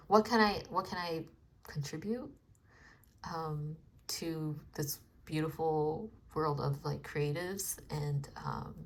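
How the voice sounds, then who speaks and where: A woman artist chatting casually about her design process, soft-spoken and hesitant, with many fillers. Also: lowish voice. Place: home in Los Angeles.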